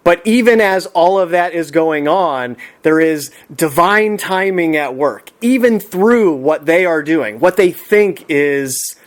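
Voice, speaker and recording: A man telling a personal story in an unhurried, reflective way, often laughing as he talks. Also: on the high side, animated.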